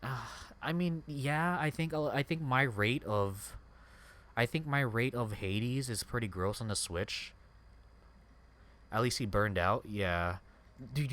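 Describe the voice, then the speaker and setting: A man's voice: mid-range voice, fairly bright tone. A young man streaming a game and venting angrily, swearing often in a casual rant. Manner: angry, profane venting.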